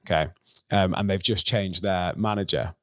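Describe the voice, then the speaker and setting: A man's voice: deep voice, fairly even intonation, normal speed, a bit bright. A man hosting a podcast, chatting casually and joking with his guest. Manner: chatty, joking banter with frequent laughter. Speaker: podcast host. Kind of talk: casual chat.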